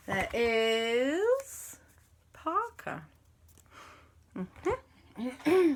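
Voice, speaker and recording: Slow, bright-voiced woman telling a story. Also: fairly low pitch, lively intonation, a little hiss or hum. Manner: playful, chatty, jumps into silly voices. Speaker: children's storyteller. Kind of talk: improvised story narration for children.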